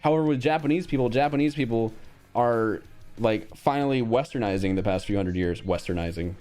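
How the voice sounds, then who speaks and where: A man's voice: mid-range voice, fairly quick, warm tone, soft background music. A young man streaming casually, reacting bluntly to a quiz with frequent swearing and reading out chat.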